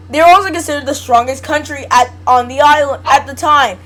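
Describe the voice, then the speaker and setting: A woman's voice: sits high, fairly quick, fairly bright tone, rough recording. A young woman hosting a casual video, reading a wiki article aloud and reacting to it playfully, often giggling and tripping over her words.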